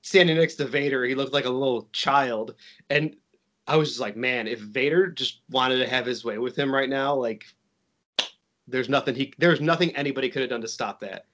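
A man's voice: mid-range voice, normal speed, fairly bright tone. A man from Chicago, a wrestler guest on a podcast, telling a story in casual chat with lots of restarts and fillers. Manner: rambling, many likes and restarts.

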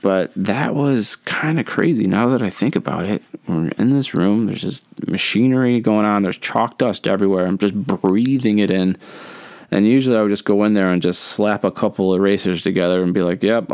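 A young man with a fairly low, clear, smooth voice tells childhood stories on a solo podcast. He talks in a loose, relaxed way, full of "uh"s and restarts. The sound is dry and close to the mic. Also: moderate pace, no room sound. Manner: relaxed, rambling, with many fillers and self-corrections. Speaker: podcast host. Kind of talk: casual solo storytelling.

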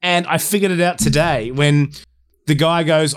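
A man co-hosting a casual podcast, telling animated stories with swearing and acted-out quotes. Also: on the high side, normal speed. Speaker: podcast co-host. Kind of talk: casual chat, storytelling.

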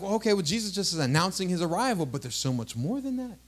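A man's voice: high voice, animated, quick pace. A man in his thirties, a pastor preaching a sermon emphatically, calling out to the congregation and drawing out key words.

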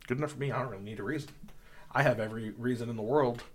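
A man hosting a comedy podcast, chatting casually in a deadpan joking way, with now and then a loud mock bit. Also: mid-range voice, rapid-fire. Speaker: podcast host.

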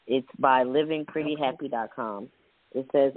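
A man co-hosting a casual talk show, talking reflectively and reading short quotes aloud, sometimes in quick bursts. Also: mid-range voice, no room sound. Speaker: podcast co-host. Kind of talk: casual chat with read-out quotes. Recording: tinny phone-like dry sound.

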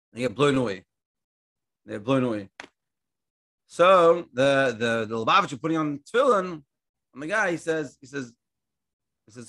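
A man gives a relaxed Torah class with a bright, forceful voice, and his pitch sits right in the middle. He tells stories in a lively, conversational way, often stopping to restart a phrase and repeating words as he goes. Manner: animated storytelling with many restarts. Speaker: rabbi teaching a class.

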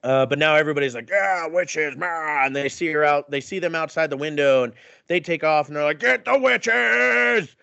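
A man's voice: fairly high pitch, steady tone, fast, fairly bright tone, clear, resonant tone, no room sound. Crude, ranting man on a lo-fi mic. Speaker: podcast co-host. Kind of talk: casual movie recap.

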